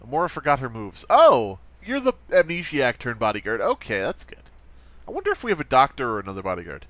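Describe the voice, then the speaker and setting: A man's voice: mid-range voice, wildly swooping pitch, a little fast, bright, forceful tone, no room sound. A man doing playful, sarcastic let's play commentary while playing and talking straight to his viewers. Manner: sarcastic, jokey, talks to viewers. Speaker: gaming commentator.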